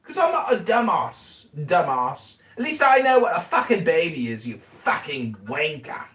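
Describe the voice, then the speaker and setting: Man doing a fake British accent, sneering insults, lively swoops, roomy distant audio. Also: a little high, normal speed, voice pushed down. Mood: scornful. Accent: put-on British. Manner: insulting, pedantic ranting. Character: foul-mouthed mock British man, combative.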